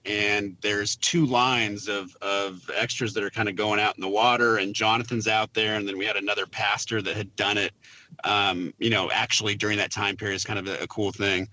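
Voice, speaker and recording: A man, a film producer, telling a lively behind-the-scenes story in an interview, acting out the quoted lines. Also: lowish voice. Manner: animated storyteller, acts out quotes with laughs.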